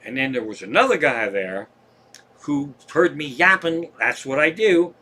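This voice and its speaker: A middle-aged comedian with a Pennsylvania accent spins a long story on a live stream, cursing freely and getting worked up. His voice sits a little high and rings bright and forceful. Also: measured pace. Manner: profane, animated storytelling.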